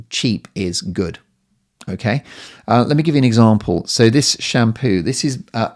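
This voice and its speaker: Chatty gravelly man. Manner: chatty and playful, with squeaky high exclamations. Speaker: podcast host. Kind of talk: casual monologue.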